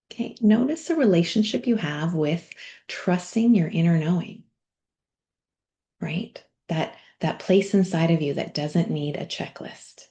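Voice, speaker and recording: A middle-aged woman coach leading a guided body practice in a workshop, speaking gently with soft, near-whispered asides. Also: fairly low pitch, measured pace.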